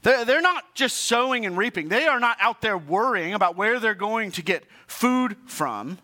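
A man's voice: high voice, lively intonation, moderate pace, bright, forceful tone. A male pastor preaching a sermon in a conversational way, with joking asides and frequent restarts. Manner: conversational preaching with asides and self-deprecating humor; frequent restarts and repeated words.

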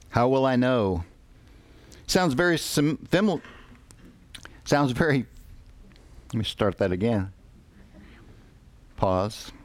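A man preaching a sermon, reading scripture slowly and deliberately with pauses. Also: mid-range voice, no room sound.

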